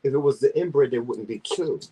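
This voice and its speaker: A man with a Southern US accent, hosting a casual vlog chat and telling teasing stories in an animated way. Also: mid-range voice, fairly quick, slightly rough, poor audio. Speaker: vlog host.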